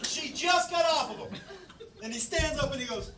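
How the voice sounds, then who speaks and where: A man performing stand-up comedy on stage, telling a story loudly and animatedly with plenty of profanity and frequent shouting at the crowd. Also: very high-pitched, normal speed. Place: comedy stage before a live audience. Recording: live club recording with crowd laughter and noise.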